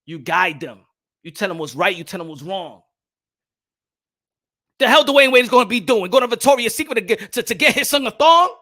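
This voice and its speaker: A young man hosting a boxing talk show and ranting loudly, repeating himself, with sudden swings from shouting to low muttering. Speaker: boxing commentary host. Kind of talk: animated opinion rant.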